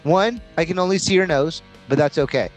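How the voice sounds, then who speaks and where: A man's voice: on the high side, a little fast, soft background music. A man co-hosting a podcast in casual chat, rambling and joking with a lot of swearing. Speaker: podcast co-host.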